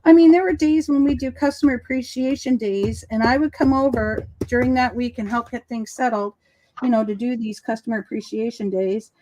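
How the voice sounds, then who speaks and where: A woman's voice: fairly high pitch, steady tone, a little fast, muffled recording, background noise. A woman hosting a casual crafting livestream, chatting and telling stories while she works. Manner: chatty, storytelling. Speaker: host.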